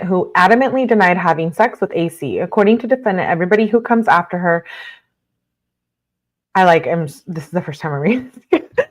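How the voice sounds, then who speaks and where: A woman hosting a casual live stream, reading documents aloud and breaking off to react with blunt outrage and lots of fillers. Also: medium pitch. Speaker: livestream host reading court documents.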